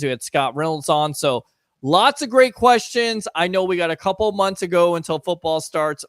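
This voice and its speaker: A man hosting a casual sports talk radio show, chatting fast and taking phone calls. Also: high voice, fairly bright tone, clear, resonant tone, dry recording.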